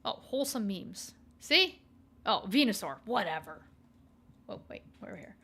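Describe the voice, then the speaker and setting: A woman's voice: mid-range voice, sing-song, a little slow, bright, forceful tone, slightly rough. A young woman streaming a video game, chatting playfully with her live chat and thinking aloud as she plays. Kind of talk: casual gameplay commentary to a live chat.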